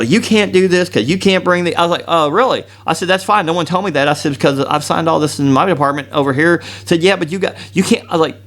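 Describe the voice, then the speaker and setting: A man hosting a podcast, telling a story in a rambling, animated way and often laughing. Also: medium pitch. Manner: rambling, with many restarts. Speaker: podcast host. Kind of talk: casual storytelling chat.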